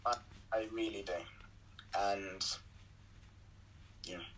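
A young man in a relaxed, rambling chat, talking earnestly and affectionately to the woman beside him. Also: on the low side, slow pace, slight background noise, poor audio. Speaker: co-host of a video chat. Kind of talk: casual chat.

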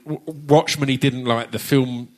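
Man with an Essex accent, casual stage chat, jokey and loose, drops the odd swear, keeps restarting sentences, mid-pitched voice, live audience Q&A. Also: fairly even intonation, slow, darkish tone. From Essex, England. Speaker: performer hosting an audience Q&A. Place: theatre stage at a live book launch.

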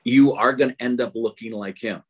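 A man's voice: medium pitch, a little fast, breathy edge. An older man from Texas, a guest author telling stories in an earnest, rambling way. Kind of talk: casual interview talk.

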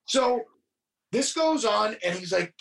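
Swearing high-voiced male storyteller. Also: slow pace, vocal fry, poor audio. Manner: heavy swearing, animated storytelling. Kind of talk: casual chat, retelling a film plot.

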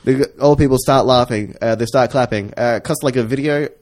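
A man's voice: medium pitch, a little fast, darkish tone. A man in casual podcast chat, rambling and swearing as he retells a movie trailer. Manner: profane, rambling, acts out voices. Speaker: podcast co-host.

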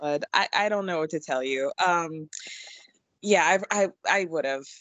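A woman's voice: deep voice, a little slow, no echo, muffled recording. Laid-back woman in her thirties. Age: 30s. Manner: relaxed, laughs easily, hesitant restarts. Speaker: podcast co-host. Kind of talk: casual chat about reality TV.

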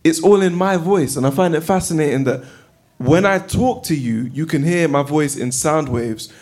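A man who hosts his own podcast, talking as a guest at a live recording, fast and rambling. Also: a little high, darkish tone. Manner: fast and rambling, restarting thoughts.

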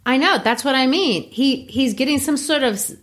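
A woman's voice: high-pitched, normal speed, fairly bright tone. Woman explaining a story like a teacher. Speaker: co-host. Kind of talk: literary discussion.

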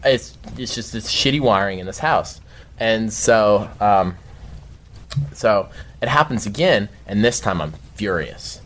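A young man telling a story in casual talk, animated, swearing often and shouting his own outbursts. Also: on the low side, a little slow. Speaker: guest storyteller.

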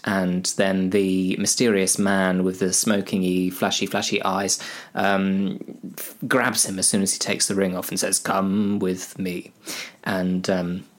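A man's voice: sits low, a bit bright. A man comically retelling a fantasy tale, rambling with lots of hesitations and self-mockery. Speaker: storyteller.

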